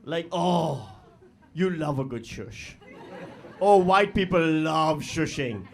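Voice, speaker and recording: A man performing a stand-up comedy set on stage, animated, with loud bursts and mocking voices. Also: a little high, slow pace, gravelly, a little hiss or hum. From Pakistan. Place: live comedy venue with audience.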